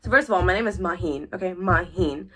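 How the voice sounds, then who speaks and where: A young woman co-hosting a casual chat podcast, telling stories in an animated way and acting out the dialogue. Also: lowish voice, racing. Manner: animated storyteller, acts out dialogue. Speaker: podcast co-host.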